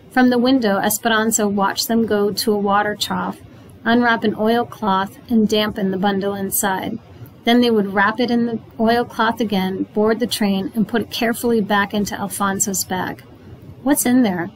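A woman reading a chapter book aloud to young listeners, at a steady, clear pace. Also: mid-range voice, a little hiss or hum, poor audio. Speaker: read-aloud narrator.

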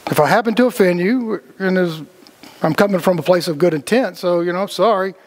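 A man's voice: high-pitched, a little fast. A man leading a casual spiritual group talk, rambling with lots of fillers and the odd swear word. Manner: rambling, heavy on fillers and cussing.

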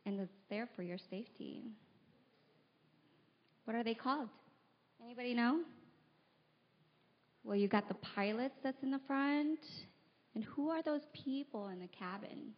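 A woman with a slightly high voice tells the children a personal story during a church service. She keeps it lively, asks them questions and slips into the voices of her parents. The sound is dull and lo-fi, like a live stream. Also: unhurried, pauses often.

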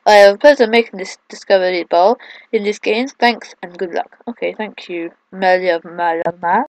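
A young man giving excitable let's-play gameplay commentary at his home computer, yelping and shouting at the game. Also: sits high, brisk, no room sound, rough recording.

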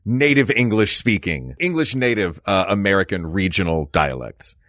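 Man host, low voice, dry close mic, animated jokey riffing. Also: normal speed, dry recording. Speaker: podcast host. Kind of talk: casual chat.

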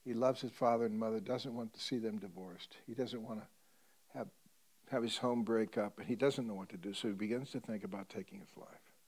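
A man preaching a sermon as a pastor, telling a story and swinging between loud emphasis and hushed tones. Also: fairly low pitch, brisk.

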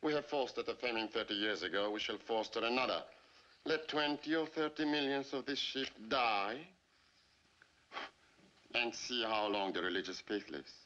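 An actor in a 1950s film playing a ruthless Soviet general who speaks in a cold, measured way. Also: male voice, mid-range voice, lively intonation, sharp tone. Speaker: Soviet official. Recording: muffled old film soundtrack.

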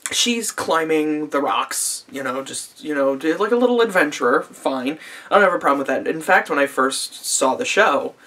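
A man's voice: a little high, animated, moderate pace, bright, forceful tone. A man in his twenties giving a casual, profane vlog review of a show, rambling with lots of fillers and dry sarcasm. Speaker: anime reviewer.

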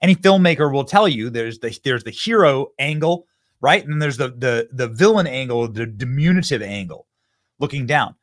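Lively, mocking political commentator man. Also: medium pitch, moderate pace, no echo, studio quality. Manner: mocking, emphatic, swings loud to quiet. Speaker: show host.

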